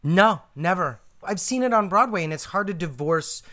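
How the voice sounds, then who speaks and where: A man talking as a guest on a comedy game podcast, telling stories in a halting, self-interrupting way. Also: high voice, expressive, bright, forceful tone. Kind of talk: casual chat.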